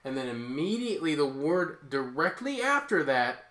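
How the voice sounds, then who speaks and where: Podcast co-host, casual recap chat, animated delivery, echoey room. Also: mid-range voice, moderate pace. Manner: animated, laughing, acts out scenes in quoted voices.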